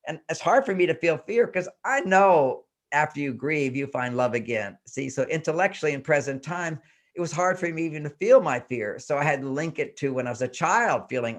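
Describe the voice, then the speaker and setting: A man's voice: on the high side, expressive, a little fast. An older man, a guest on a talk show, explaining in earnest tones. He asks himself question after question and acts out the inner voices as he goes. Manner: self-questioning with repeated rhetorical questions. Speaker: guest relationship expert.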